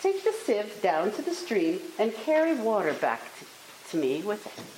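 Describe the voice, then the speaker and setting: A shrewd old snow-spirit woman from a storybook, as a woman storyteller puts her on. She speaks in a measured, knowing way, and her pitch swings widely. The voice rings in an echoey room with a faint hiss. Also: sing-song, darkish tone, natural voice.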